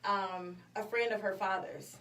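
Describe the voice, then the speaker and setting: A woman's voice: medium pitch, steady tone, a little slow, bright, forceful tone. A woman hosting a morning show, telling a story in casual chat with lots of fillers. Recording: echoey room, mic at a distance, faint noise.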